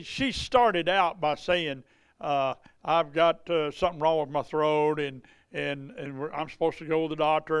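A man preaching at a revival, telling a healing story in a halting way with many pauses and restarts. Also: a little high, clean tone, dry recording. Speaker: evangelist preacher. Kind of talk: testimony storytelling in a sermon.

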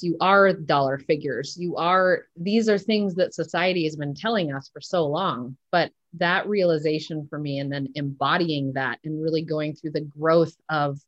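A woman's voice: deep voice, muffled recording. A middle-aged woman, a business coach, speaking with emphatic energy as a podcast interview guest. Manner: energetic, emphatic, acts out quotes.

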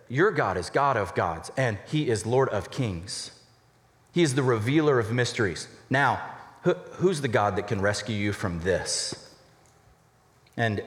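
A young adult man, a college pastor, preaching a sermon in a conversational, animated way, acting out little asides. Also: medium pitch. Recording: reverberant hall.

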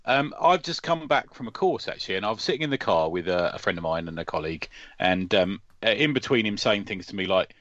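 A man co-hosting a casual podcast, his voice sitting low. He rambles through stories and breaks into laughter often. The recording is dry and a little muffled. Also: animated, fast, hardly any pauses, fairly bright tone, no echo. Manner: chatty storyteller, laughs often. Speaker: podcast co-host. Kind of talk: casual chat. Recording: dry, dull lo-fi sound.

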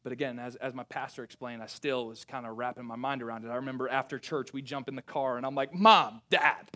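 A young adult man preaching a sermon, telling a personal story, acting out family dialogue with lively swings and dropping to quiet, intense tones at reflective moments. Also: fast talker. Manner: animated, acts out family dialogue with big pitch swings. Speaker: pastor.

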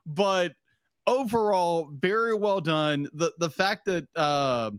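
Male podcast co-host, high pitch, dry close mic; rambling, restart-heavy, laughing delivery. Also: slow, clear, resonant tone, dry recording. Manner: rambling, stumbles and restarts often, laughs a lot. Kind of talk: casual chat.

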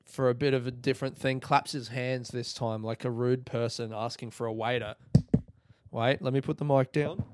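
A man spinning a rambling comic story in a dry, close-sounding room. He jumps into the voices of his characters with sudden high-pitched yelps and casual swearing, his voice sitting at a middle pitch the rest of the time. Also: no room sound. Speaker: comedian podcast host.

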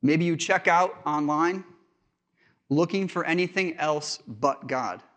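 A man's voice: on the high side, slow pace, fairly bright tone. Man preaching a conversational sermon. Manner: conversational storytelling from family life. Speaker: pastor.

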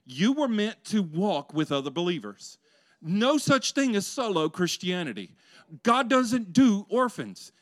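A male pastor preaching a conversational sermon that swells into loud, passionate peaks. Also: high voice, sing-song, measured pace, no echo.

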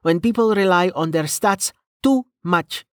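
A man voicing a brisk woman healer who speaks in a matter-of-fact way. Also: high voice, dry recording, studio quality, pitched above the performer's own voice.

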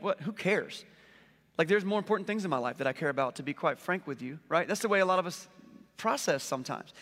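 A man in his forties preaching a conversational sermon, telling stories with lively rhetorical questions. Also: sits high. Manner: animated storytelling with rhetorical questions. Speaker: pastor. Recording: long hall reverb.

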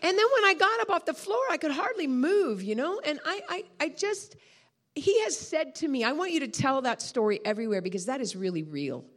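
A middle-aged woman with a high, brisk voice preaches a sermon as a guest speaker. She tells her stories with animation, breaking into laughter and shouting exclamations.

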